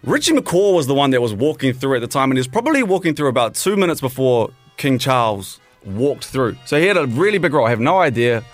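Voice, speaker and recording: A man's voice: mid-range voice, very animated, fast, few pauses, no echo, faint music behind. A man, a podcast host chatting casually and rambling through a story. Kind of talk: casual chat.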